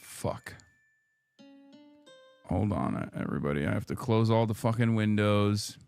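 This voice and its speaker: A man's voice: on the low side, unhurried, vocal fry, pauses often, darkish tone, smooth, soft background music. A young man hosting a live political stream, casual and sarcastic, swearing often.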